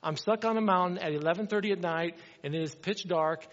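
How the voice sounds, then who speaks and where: A middle-aged man preaching a sermon, telling a story with animated energy and acting out the dialogue. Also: high voice, fairly quick. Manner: animated, acts out dialogue in his stories. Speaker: pastor. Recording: dull sound with long hall reverb.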